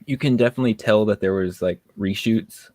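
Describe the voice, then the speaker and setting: Low-voiced hesitant man on a call. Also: a little fast, no room sound. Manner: hesitant, many ums and likes, soft laughs. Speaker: guest YouTuber. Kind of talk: casual chat. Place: in his car. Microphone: video call.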